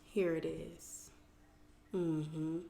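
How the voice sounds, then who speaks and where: A woman's voice: low voice, drawn-out words, gravelly, roomy sound. A woman hosting a casual live stream, talking straight to her viewers and reading their comments aloud. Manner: chatty and animated, talks straight to viewers, reads comments aloud. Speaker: live-stream host recapping a reality show.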